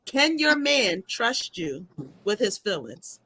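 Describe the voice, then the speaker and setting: A woman on a podcast panel who talks lively and acts out her own quotes. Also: medium pitch, takes it slowly. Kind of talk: casual podcast discussion.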